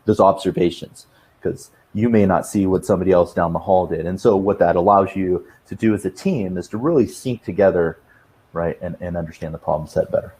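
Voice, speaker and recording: Low, dark-voiced man talking loosely. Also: brisk. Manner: loose, rambling with many fillers and "right?" tags. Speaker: webinar panelist. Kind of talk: conversational advice talk.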